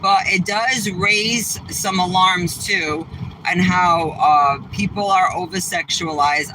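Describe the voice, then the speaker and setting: A man with a Southeastern Massachusetts accent chatting casually to his viewers from inside his car, rambling and blunt, swearing freely. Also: on the high side. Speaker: vlogger. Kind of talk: casual livestream chat while driving. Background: faint vehicle noise.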